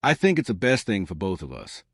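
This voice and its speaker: A man's voice: low-pitched, brisk, slightly rough, dry recording, clean studio sound, heavily acted. A man doing a cold, tired husband. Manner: flat, cold, firm.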